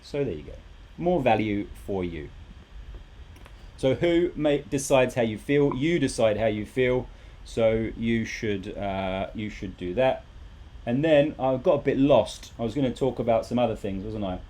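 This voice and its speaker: Male teacher, live lesson, mellow husky voice, animated, repeats his questions. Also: mid-range voice, measured pace. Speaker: English teacher.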